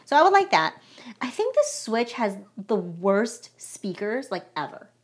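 A woman's voice: a little high, big pitch swings, unhurried. A woman co-hosting a casual podcast, bubbly and teasing, with lots of fillers. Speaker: podcast co-host. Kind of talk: casual chat.

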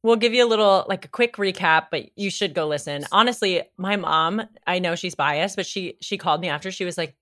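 A woman co-hosting a podcast in excitable casual chat, telling stories with lively energy. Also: lowish voice, a little fast, hardly any pauses. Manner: animated, excitable storytelling. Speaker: podcast co-host.

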